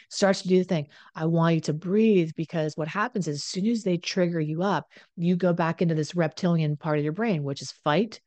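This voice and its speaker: A low-pitched woman speaks straight to her listeners, giving relationship advice in a frank, conversational way. She repeats phrases for emphasis and swears now and then, and the recording is dry and close. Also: fairly quick, darkish tone, no echo. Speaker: addiction and relationships coach. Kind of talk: direct-to-camera advice monologue.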